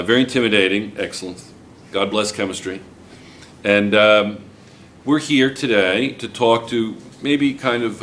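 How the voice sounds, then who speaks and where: A man's voice: fairly low pitch, sharp tone, a little hiss or hum. An older man teaching a chemistry lesson to a classroom of students, teasing them between explanations. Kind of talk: classroom lecture.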